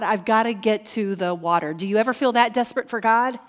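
A woman's voice: on the high side, fairly quick, few pauses. Woman preaching in a reverberant hall. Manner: earnest, repeats key phrases for emphasis. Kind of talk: sermon reading scripture and teaching.

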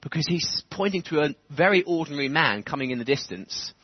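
A man preaching a sermon in church, animated, chuckling often and building to fervent emphasis. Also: on the high side, brisk, slightly rough, dry recording. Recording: dull lo-fi church recording.

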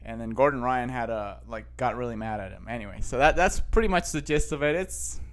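A man's voice: mid-range voice, a little fast. A man hosting a casual show, rambling through news headlines with lots of fillers and restarts.

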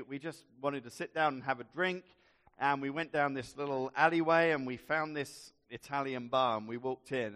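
A man giving a sermon, telling a story with measured, dry humour. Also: a little high, fairly bright tone. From England. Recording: long reverb hall.

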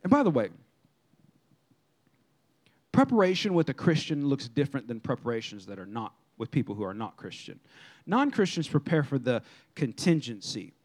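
A man preaching a sermon as pastor, in a lively, conversational style that acts out quotes from people. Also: mid-range voice, moderate pace, pauses often.

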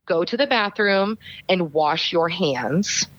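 A woman, a speech professor and voice coach, giving deliberate and emphatic advice as a podcast guest. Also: on the low side, expressive, a bit bright, lo-fi sound.

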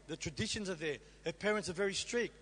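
A man's voice: sits high, fast talker, fairly bright tone, breathy edge. A middle-aged man sharing his testimony as a sermon to a congregation, telling his story with rhetorical questions. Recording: reverberant hall with faint hum.

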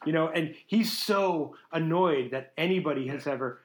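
A man's voice: a little high, normal speed. A man co-hosting a casual book discussion podcast. He sounds agreeable and conversational and reasons his points out aloud. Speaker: podcast co-host. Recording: roomy echo.

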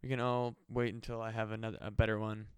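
Worn-out podcast host, a man from the Midwest, flat delivery, very clear dry sound, loose and profane. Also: on the low side, fast talker, dry recording. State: very tired. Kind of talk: casual solo podcast chat. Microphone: home podcast mic.

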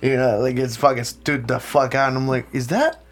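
A man's voice: medium pitch, flat delivery, a little fast. A man co-hosting a podcast, chatting casually and telling rambling stories with plenty of swearing and laughter. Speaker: podcast co-host. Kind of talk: casual chat.

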